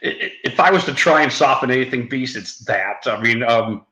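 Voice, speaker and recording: A man's voice: mid-range voice, lively intonation, moderate pace, sharp tone, roomy sound, poor audio. A man chatting casually on a live stream, rambling, laughing often and swearing freely.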